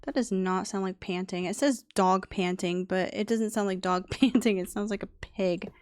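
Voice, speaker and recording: A woman's voice: mid-range voice, steady tone, normal speed, darkish tone, no room sound. A young adult woman streaming a game, chatting casually, muttering to herself and scolding the game's animals. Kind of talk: casual gameplay chat.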